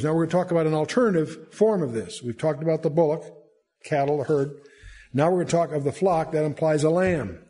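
A man's voice: on the high side, warm tone. An older man teaching a Bible study, reading scripture aloud and then explaining it with frequent restarts and filler words. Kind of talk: verse-by-verse Bible study lecture.

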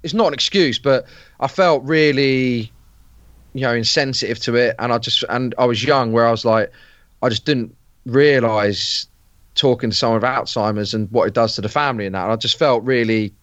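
A man's voice: mid-range voice, normal speed, fairly bright tone, no room sound, lo-fi sound. A man, a podcast guest chatting casually, rambling with plenty of fillers and restarts. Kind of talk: casual chat.

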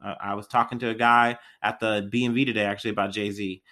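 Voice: medium pitch, flat delivery, fast, bright, forceful tone. A podcast co-host chatting casually, emphatic and slangy, often calling people dude.

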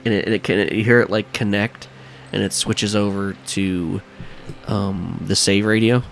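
Male game master, low voice, playful, laughs a lot, faint background hiss. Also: steady tone, moderate pace, gravelly. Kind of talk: narrating a tabletop game.

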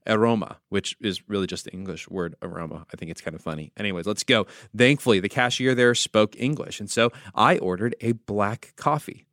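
Pastor telling a story, dry sound. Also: male voice, mid-range voice, a bit bright, no room sound. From United States. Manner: conversational storytelling with wry asides. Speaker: pastor and podcast host. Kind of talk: devotional podcast teaching.

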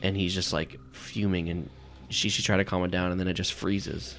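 A man's voice: low voice, little pitch movement, moderate pace, fairly bright tone, slight background noise. A man narrating a tabletop game as game master, rambling and filling with "like" and "um.". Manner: rambling, full of "like" and "um".

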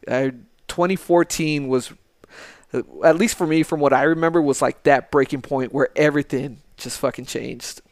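A man hosting a podcast, talking in a laid-back, profane way with many halting fillers. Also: fairly high pitch, no room sound, clean studio sound. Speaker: podcast host. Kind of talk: casual chat.

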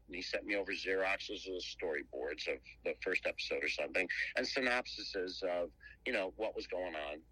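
A man being interviewed as a guest cartoonist, telling stories casually, animated and rambling with many restarts. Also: deep voice, normal speed, no echo, low-quality recording. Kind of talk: casual storytelling.

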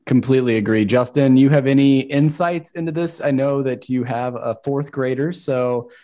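A man's voice: mid-range voice, moderate pace, dark tone. A man co-hosting a podcast, recapping scenes and prompting the others in casual chat. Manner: steering the conversation, recapping scenes. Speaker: podcast co-host.

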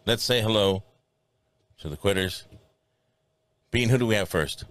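A man's voice: fairly low pitch, measured pace, fairly bright tone, no echo. A man hosting a comedy podcast, joking and rambling with restarts. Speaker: podcast host. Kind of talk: casual comedy podcast chat.

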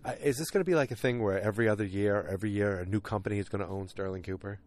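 A man's voice: lowish voice, very fast, darkish tone. A man hosting a podcast, rambling casually with lots of fillers and restarts. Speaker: podcast host recapping a TV show. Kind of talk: casual chat.

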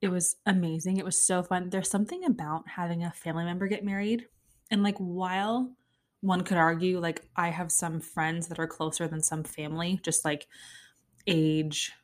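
A woman's voice: on the low side, a little mellow. A young woman hosting a podcast, telling a story in casual chat with a lot of fillers and plenty of feeling. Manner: chatty, lots of fillers, emotional storytelling. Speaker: podcast host.

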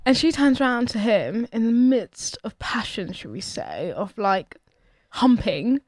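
A woman's voice: fairly high pitch, unhurried, no echo, clean studio sound. A woman, hosting a casual chat and telling a funny story, acting out the quoted voices. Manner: animated, acts out quoted voices, laughs often. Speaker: podcast host.

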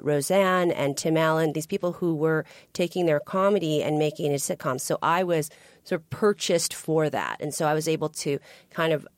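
Low-voiced woman comedian, easy laughs, chatty guest, dry close sound. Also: no room sound. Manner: chatty and warm, laughs easily. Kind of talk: casual interview chat.

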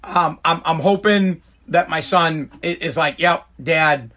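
A man's voice: a little high, steady tone, measured pace, pushed and bright, slight background noise. A man in his forties, a podcast host, ranting crudely and jokingly in a rambling way, with stammered restarts. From United States. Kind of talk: casual comedic rant.

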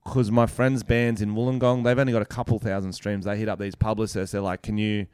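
Young Australian podcast host, relaxed storyteller with loose swearing; smooth, clean voice in a dry room. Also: male voice, on the low side, fast, dry recording. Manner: laid-back, swears freely, tells stories with quoted voices. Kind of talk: casual chat.

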